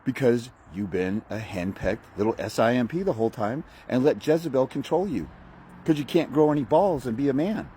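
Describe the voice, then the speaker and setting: A man's voice: mid-range voice, brisk, mellow, a little hiss or hum. A man ranting bluntly and profanely to camera as a fathers' rights advocate, mocking and preachy. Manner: preachy, uses film analogies. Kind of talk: motivational rant to camera.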